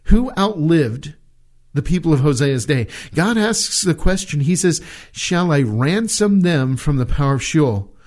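A man from the United States delivers a sermon in a slightly high voice. He speaks earnestly, often restarting and repeating words. He slows down to press his key points home. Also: lively intonation, darkish tone. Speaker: pastor.

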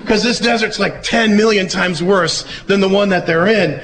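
A man giving a relaxed, conversational sermon who acts out the voices he quotes. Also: high-pitched, fairly quick, hardly any pauses, slight background noise, poor audio. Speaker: preacher. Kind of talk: casual sermon.

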